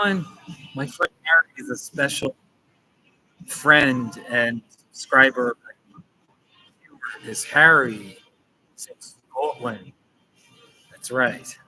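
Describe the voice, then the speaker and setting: A man with a mid-range voice talks slowly and pauses often, his tone pushed, bright and a little breathy, on poor audio. He's a livestream host chatting casually from a coffee shop corner, reading viewer comments in a playful, chatty way and repeating his phrases with chuckles.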